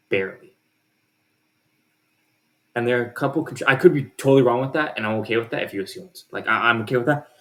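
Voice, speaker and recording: A man talking casually through his football predictions, with lots of fillers and restarts. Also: medium pitch. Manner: chatty, with many fillers and restarts. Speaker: sports video host.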